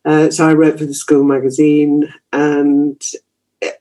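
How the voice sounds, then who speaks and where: A man's voice: on the high side, completely flat delivery, unhurried, dark tone. A man, a journalist being interviewed, telling stories from his youth in a chatty way, laughing easily and restarting his sentences. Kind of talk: reflective conversational storytelling.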